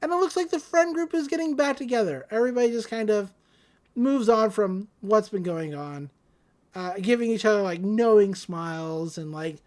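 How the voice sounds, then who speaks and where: A woman hosts a casual podcast and recaps a cartoon episode in a chatty, giggly way. She speaks in a middling pitch with plenty of fillers. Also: moderate pace, a little mellow. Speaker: podcast host.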